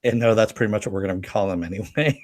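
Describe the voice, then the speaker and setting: A man's voice: fairly low pitch, fast talker, darkish tone, no room sound. Laid-back man chatting on a podcast. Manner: laughs often, reads out viewer comments, swears casually. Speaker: podcast co-host. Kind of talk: casual chat reviewing a TV episode.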